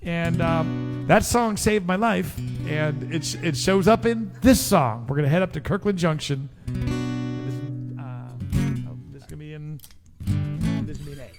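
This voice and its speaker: A middle-aged man, a singer-songwriter, telling a relaxed, chatty story between songs at a live show. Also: a little high, moderate pace, big-room sound. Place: live music venue. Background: guitar.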